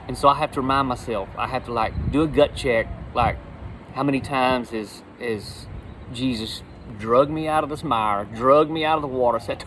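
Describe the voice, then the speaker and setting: A middle-aged man giving a casual, folksy sermon, animated, with repeated words. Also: medium pitch, moderate pace, a little hiss or hum, poor audio. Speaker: lay preacher.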